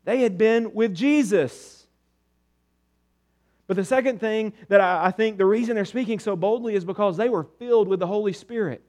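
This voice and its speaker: A man with a high voice preaches to his congregation. He asks rhetorical questions and drops soft and low on the words he wants to land. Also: moderate pace. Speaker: pastor. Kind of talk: sermon.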